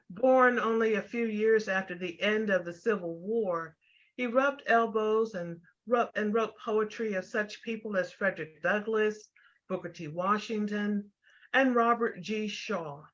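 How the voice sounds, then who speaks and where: A woman's voice: medium pitch, fairly bright tone, lo-fi sound. A woman presenting at a poetry remembrance event, giving history in an informative way. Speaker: storyteller and presenter. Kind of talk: presentation to an audience.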